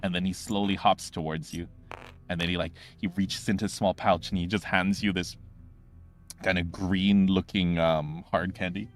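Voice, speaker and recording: A man narrating as game master, in a casual, halting style with many fillers. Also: low-pitched, fairly even intonation, soft background music.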